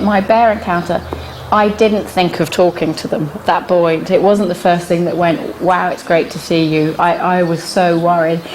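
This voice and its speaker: A middle-aged woman teaching a workshop, telling a personal anecdote to the group with lots of laughter and sudden high-pitched punchlines. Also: a little hiss or hum. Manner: lively, laughing storyteller who jumps high in pitch at punchlines. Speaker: animal communication workshop teacher. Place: workshop room with a small audience.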